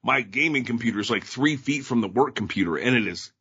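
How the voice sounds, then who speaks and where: Middle-aged male podcast co-host, bright and husky, rambling casual chat, dull lo-fi audio. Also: mid-range voice, animated, fast talker. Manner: rambling, with many fillers.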